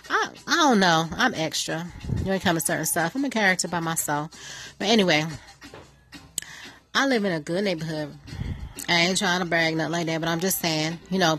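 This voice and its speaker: Chatty joking woman radio host. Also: on the low side. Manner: playful, joking, animated storytelling. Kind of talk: casual chatty monologue. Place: New York.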